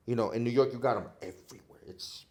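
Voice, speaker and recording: A man from Chicago, an actor guest on a casual podcast, telling animated stories and acting out quotes with frequent laughter. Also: medium pitch, quick pace. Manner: animated storytelling, acts out quotes, laughs often.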